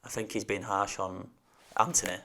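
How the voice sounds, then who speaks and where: A man's voice: lowish voice, steady tone, moderate pace, pushed and bright. A man on a comedy podcast retelling scenes and acting out the characters' lines. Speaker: podcast co-host. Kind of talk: casual comedy chat.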